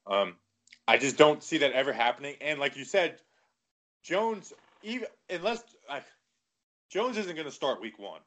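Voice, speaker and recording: A man co-hosting a podcast in casual sports chat, animated and talking in quick bursts full of "like". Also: a little high. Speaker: podcast co-host.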